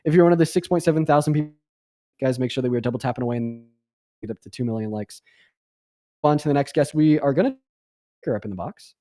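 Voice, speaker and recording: Young male stream host, quick sarcastic rambler, dry close sound. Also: mid-range voice, dark tone, no echo. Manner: rambling, filler-heavy, sarcastic. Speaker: livestream debate host. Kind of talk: casual livestream chat.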